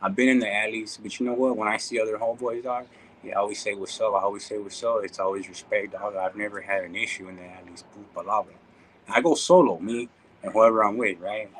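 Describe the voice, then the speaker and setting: A low-voiced man vlogs straight to his viewers. He talks in a laid-back, slang-heavy way. There is a faint hum behind him. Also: fairly even intonation, fast talker, a bit bright, low-quality recording. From Inland Empire, California. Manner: slangy, laid-back, calls listeners "dog" and "homie". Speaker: YouTube content creator. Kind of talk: casual vlog talk to viewers.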